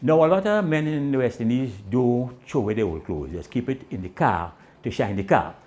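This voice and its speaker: A man telling comic stories in island dialect, acting out the people in his tales. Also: brisk. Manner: animated, swinging pitch, voices the people in his tales. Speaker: storyteller.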